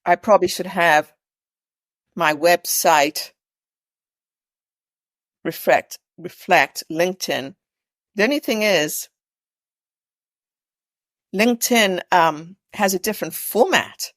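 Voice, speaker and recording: A woman's voice: lowish voice, slow, pauses often, fairly bright tone, dry recording. A woman, an executive coach, asking questions on a video call and thinking aloud, hesitant and self-correcting.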